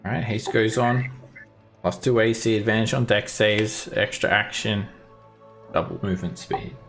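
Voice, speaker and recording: A man running a tabletop game as dungeon master, relaxed and chuckling as he talks over his players. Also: fairly low pitch, moderate pace, gravelly, soft background music.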